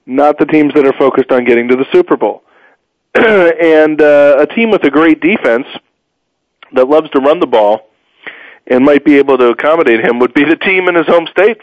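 A man hosting a solo sports talk show, opinionated and rambling, with sudden pitch jumps and a tired edge. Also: no echo. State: tired, low energy. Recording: dull muffled dry sound.

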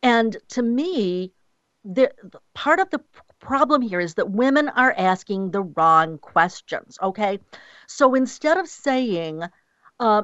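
A woman's voice: mid-range voice, big pitch swings, unhurried, a bit bright, no room sound, muffled recording. A woman speaking passionately as a radio guest, acting out the voices of people she quotes. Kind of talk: radio interview.

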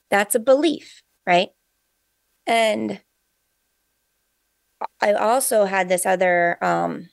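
A woman co-hosting a podcast, chatting casually and telling animated stories with plenty of quoted dialogue. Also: mid-range voice, vocal fry, no echo. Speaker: podcast co-host. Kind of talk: casual conversational storytelling.

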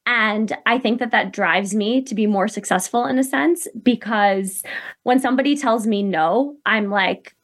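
A woman talking as a guest on a talk show, upbeat and animated, acting out quotes as she speaks. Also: medium pitch, unhurried. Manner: upbeat, animated, quotes people in bright voices. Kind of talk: casual interview chat.

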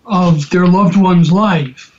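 A man's voice: high voice, takes it slowly. A man hosting a radio interview, rephrasing what his guest said in a searching way. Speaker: radio host. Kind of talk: interview questions. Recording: dull lo-fi sound.

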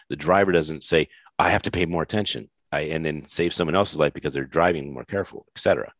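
Very deep-voiced effusive male host. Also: fairly bright tone, no echo, studio quality. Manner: effusive, rambling, jokey. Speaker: podcast host. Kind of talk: casual interview chat.

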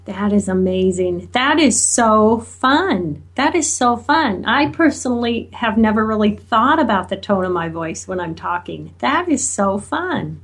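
Husky, enthusiastic woman radio host. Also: medium pitch, animated, unhurried, few pauses. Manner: enthusiastic reactions.

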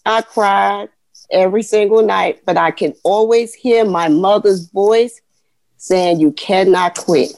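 A woman, telling animated, folksy stories as an interview guest. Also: mid-range voice, takes it slowly, creaky, no echo. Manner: animated, folksy, addresses listeners as y'all. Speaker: guest, retired Army veteran. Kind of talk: storytelling interview.

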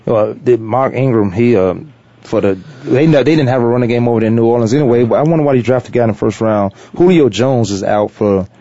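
A man's voice: mid-range voice, quick pace, warm tone, dry recording. A man hosting a casual sports talk radio show, laid-back and laughing with his co-hosts. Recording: dull lo-fi radio audio.

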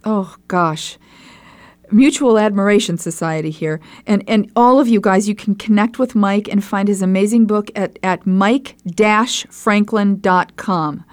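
A woman's voice: mid-range voice, a little slow. A woman hosts a podcast interview in a mid-range voice. She is effusive and enthusiastic, with frequent exclamations of agreement. She speaks in an ordinary conversational register. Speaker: podcast host.

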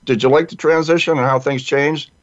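A man co-hosting a radio interview, asking questions in a halting way while he searches for words. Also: on the high side, fairly even intonation, lo-fi sound. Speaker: radio co-host.

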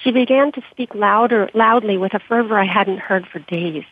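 Husky woman reading her memoir by phone. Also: mid-range voice, moderate pace. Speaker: author and interview guest. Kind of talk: reading her memoir aloud, then interview answers. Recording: dry tinny phone-like line.

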